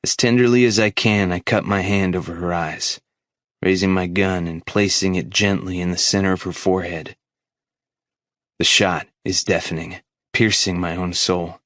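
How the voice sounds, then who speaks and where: Male audiobook narrator with a very low voice and a dry, close sound, for grave, emotional first-person prose. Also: steady tone, normal speed, fairly bright tone, dry recording.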